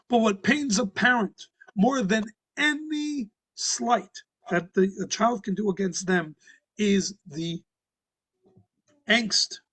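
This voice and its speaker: Man, rabbi, sermon storytelling, high-pitched, halting, conversational, frequent restarts. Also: fairly bright tone, rough recording. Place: synagogue.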